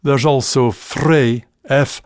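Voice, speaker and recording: An older man with a Scottish accent speaks at an unhurried, deliberate pace, dwelling on each word. His delivery is dry and wry, a podcast monologue told with quiet relish for old dialect. The voice sits close and dead, with no room sound around it. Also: mid-range voice, fairly even intonation, smooth, no room sound. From Scotland. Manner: dry wry storytelling, savoring dialect words. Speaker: podcast host. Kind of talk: slow reflective podcast monologue.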